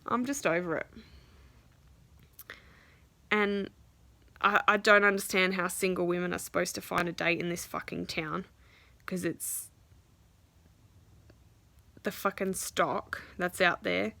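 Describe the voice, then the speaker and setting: A woman's voice: lowish voice, steady tone, slow, gravelly, long pauses, bright, forceful tone, no room sound. A young woman venting about dating in a casual vlog, swearing freely and quoting others. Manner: frustrated, swears often, quotes others in voices. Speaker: vlogger.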